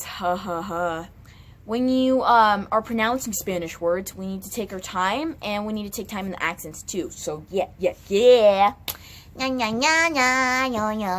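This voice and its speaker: A woman hosting a casual video in a bubbly, playful manner. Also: mid-range voice. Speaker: video host.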